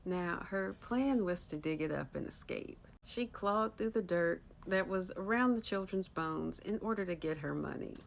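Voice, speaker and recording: A woman telling a spooky folktale in a hushed voice that drops low and soft at the dark moments. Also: moderate pace, creaky, few pauses, a little hiss or hum, low-quality recording. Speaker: storyteller.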